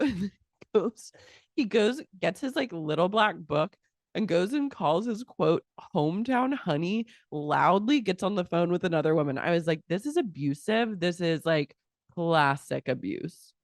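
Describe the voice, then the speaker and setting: A woman's voice: lowish voice, normal speed, dry recording, clean studio sound. A woman co-hosting a podcast, recapping a reality show in casual chat and acting out the cast's quotes. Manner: animated storytelling, acting out quotes. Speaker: podcast co-host.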